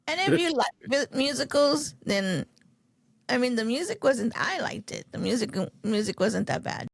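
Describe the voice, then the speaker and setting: A woman with a heavily gravelly, creaky voice chatting on a movie podcast. She gives her opinions in a relaxed, measured way. The close mic sounds dry. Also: on the high side, dry recording. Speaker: podcast co-host. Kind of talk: casual movie review chat.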